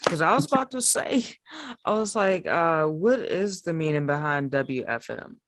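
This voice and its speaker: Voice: mid-range voice, expressive, normal speed, a bit bright, dry recording. An interviewer in a casual interview, easygoing, mostly giving short agreeing responses.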